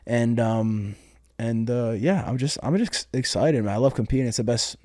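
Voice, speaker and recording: Relaxed young male athlete, halting. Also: mid-range voice, no room sound, studio quality. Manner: relaxed, halting, many fillers like um and uh. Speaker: podcast guest, grappling athlete. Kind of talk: casual interview.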